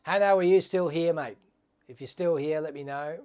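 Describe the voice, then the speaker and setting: A man hosts a live giveaway stream, talking casually and upbeat to his viewers. His voice sits a little higher than most men's, and he keeps calling people mate. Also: moderate pace, darkish tone, faint music behind. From Australia. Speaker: livestream host. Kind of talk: casual livestream giveaway chat.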